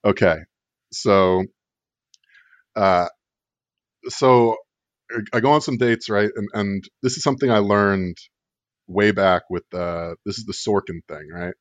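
Low-voiced man telling a wry story. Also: takes it slowly, long pauses, dry recording. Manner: rambling, wry, full of filler words. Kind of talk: casual comedic storytelling. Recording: dull lo-fi dry sound.

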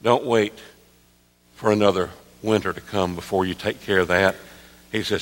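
A man in his sixties, a pastor, preaching an earnest sermon that drops soft and low, then rises to emphatic calls. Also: steady tone, moderate pace. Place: church sanctuary. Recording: long reverb of a large hall.

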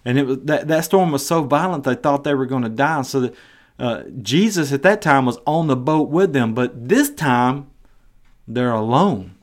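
A man's voice: mid-range voice, expressive, normal speed. A man teaching a Bible passage on his podcast, earnest, acting out the quoted voices, with some stumbling restarts. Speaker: podcast preacher.

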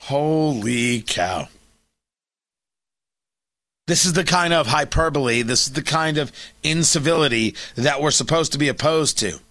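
A man's voice: fairly high pitch, a little fast, pushed and bright, dry recording. A man hosting a talk radio show, delivering sarcastic, mocking opinion commentary.

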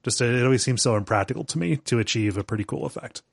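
A man co-hosting a podcast, telling stories in animated casual chat with frequent chuckles. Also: mid-range voice, racing, vocal fry, no echo, studio quality. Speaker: podcast co-host.

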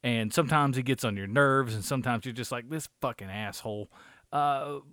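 A man's voice: mid-range voice, brisk, a bit bright, no room sound, clean studio sound. A man co-hosting a movie review podcast, chatting casually in a rambling way, with lots of swearing and fillers. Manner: rambling, profane, filler-heavy. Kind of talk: casual chat.

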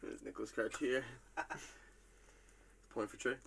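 A man's voice: mid-range voice, moderate pace, creaky, fairly bright tone, a little hiss or hum. A man hosting a casual podcast quiz game, loose and profane, laughing often between reading out quotes. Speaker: quiz host.

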